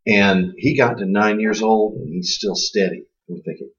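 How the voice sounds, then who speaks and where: A man's voice: fairly low pitch, moderate pace, husky. A man co-hosting a parenting talk, telling stories with wry humor. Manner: expressive storyteller, wry humor. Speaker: co-host, Christian homeschooling parent. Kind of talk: conversational podcast talk. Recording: dull lo-fi sound.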